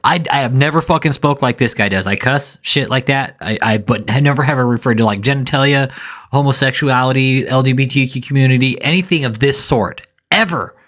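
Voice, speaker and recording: A man's voice: medium pitch, fairly quick, a bit bright. Angry, foul-mouthed commentator man. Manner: angry, profane ranting. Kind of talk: live reaction commentary.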